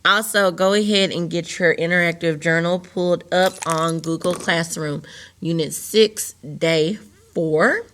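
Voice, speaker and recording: A woman teacher giving a recorded lesson to young students, slowly enunciating words and sounds for them to repeat. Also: on the low side, a bit bright. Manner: slow, deliberate, enunciating words for young learners.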